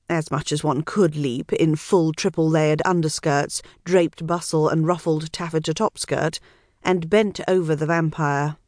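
A woman narrating an audiobook in a wry, measured storytelling manner. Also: on the low side, darkish tone, dry recording, clean studio sound. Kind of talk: scripted narration.

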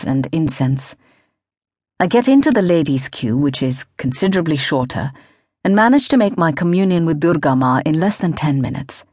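A young woman with a low voice narrates a novel in the first person. Her delivery is composed and descriptive, and it sits dry and close to the studio mic. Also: darkish tone, dry recording. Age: young adult. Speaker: audiobook narrator.

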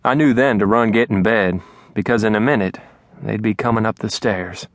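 A man narrating an audiobook in a soft, even storytelling voice. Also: fairly low pitch, moderate pace, no room sound. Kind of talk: scripted narration. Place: recording studio.

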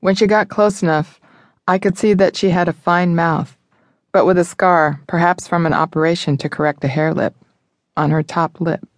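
A man narrating a thriller audiobook in the first person, in a measured, even manner. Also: on the high side, no room sound, studio quality.

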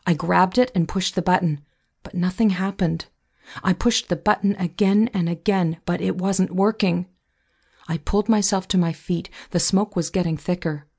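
Woman audiobook narrator, low gravelly voice, measured first-person reading. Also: fairly even intonation, darkish tone.

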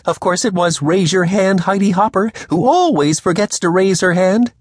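A man narrating a children's audiobook in first person, with a lively storytelling manner. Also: high voice, normal speed, breathy edge, no room sound, studio quality. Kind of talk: scripted narration.

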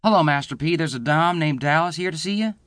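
A man's voice: on the high side, fast, fairly bright tone, clean tone, dry recording, clean studio sound, pitched above the performer's own voice, natural voice. A man narrator voicing a pleasant, polite woman at a front desk.

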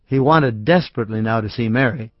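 A man reading a short story aloud as an audiobook narrator, in an even, measured way. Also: medium pitch, no room sound. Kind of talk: scripted narration. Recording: dry, slightly dull studio audio.

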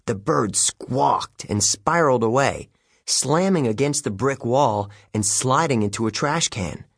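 A man's voice: mid-range voice, unhurried, gravelly, slightly rough, no echo, studio quality. A man narrating a children's audiobook in the first person, with a wry storytelling manner. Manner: lively, wry storytelling with youthful character voices.

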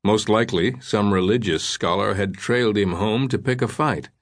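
A man narrating an audiobook thriller in a measured, suspenseful way. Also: fairly low pitch.

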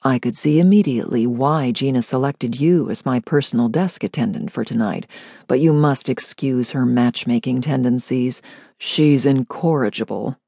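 A woman narrator voicing an intense, formal man with a deep, resonant voice who speaks stiffly. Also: moderate pace, creaky, mellow, husky, no room sound, exaggerated voice.

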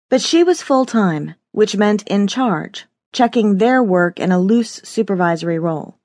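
A woman narrating a novel in a measured, expressive scripted reading. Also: mid-range voice, dry recording. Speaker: audiobook narrator.

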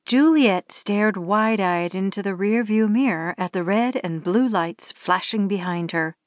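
A woman narrating a romance audiobook in a steady storytelling manner. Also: medium pitch, dry recording, clean studio sound. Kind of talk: scripted narration.

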